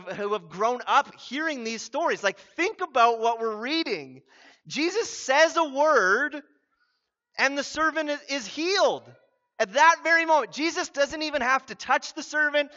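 A man preaching a sermon as a pastor, animated and building to emphatic exclamations. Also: sits high, muffled recording.

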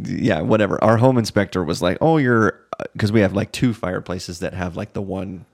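Low gravelly man, casual rambling podcast co-host, dry close mic. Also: a little fast, no room sound. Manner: laid-back, rambling, frequent "uh" and "like". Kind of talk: casual chat.

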